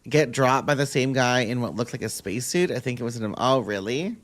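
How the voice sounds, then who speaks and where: A man's voice: medium pitch, fast talker. A man streaming a game live, chatting casually with viewers and thinking aloud as he plays, with the odd hum between sentences.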